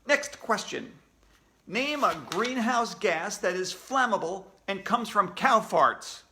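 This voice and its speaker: A man voicing a cheerful adult quiz show host in a read-aloud storybook, announcing slowly. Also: sits high, expressive, bright, forceful tone, voice pushed up, full character voice. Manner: slow, drawn-out quizmaster announcing.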